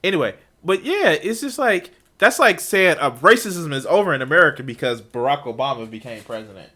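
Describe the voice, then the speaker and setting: A man's voice: on the high side, lively intonation, fairly quick, hardly any pauses, pushed and bright. A man streaming a reaction to a debate, talking casually with profane, incredulous outbursts.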